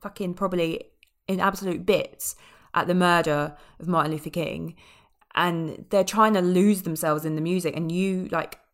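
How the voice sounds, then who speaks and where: A woman's voice: fairly low pitch, normal speed. A woman co-hosting a podcast, chatting casually about a film with lots of fillers and the odd swear word. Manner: animated, swearing, many fillers. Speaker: podcast co-host. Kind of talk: casual film review chat.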